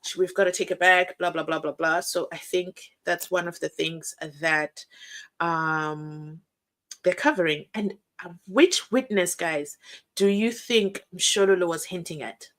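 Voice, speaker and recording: A young South African woman hosting a live stream. She chats and reads viewer comments in an animated way, acting out quotes and laughing often. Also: fairly low pitch, unhurried.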